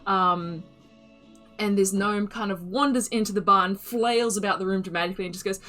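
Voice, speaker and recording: A woman game master narrating a fantasy one-shot, lively and easygoing, with a bright, clear voice. She keeps the story moving and laughs along with her players. Soft music plays faintly behind her. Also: medium pitch, a little fast.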